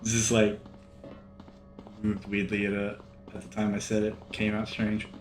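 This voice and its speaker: A man's voice: fairly low pitch, moderate pace. A man who is sick and yawning, rambling casually while commenting on his gameplay. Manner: rambling, relaxed, many fillers. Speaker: let's play gamer. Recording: echoey room. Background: faint game music.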